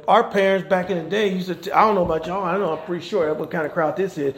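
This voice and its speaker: Speaking fast from the sanctuary, this pastor and chaplain keeps his sermon conversational, repeatedly asking the congregation "okay?". His voice sits high with fairly even intonation, and the church audio is echoey with faint noise.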